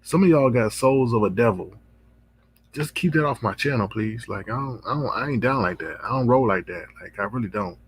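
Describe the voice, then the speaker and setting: A man hosting his own online commentary channel, chatting casually and reacting with drawn-out exclamations. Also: mid-range voice, lively intonation, breathy edge. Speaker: drama commentary channel host.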